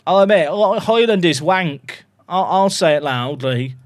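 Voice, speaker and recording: Here a male streamer's high-pitched voice moves a little slowly. He's livestreaming a football management game, cursing and addressing his chat with dramatic despair in casual commentary.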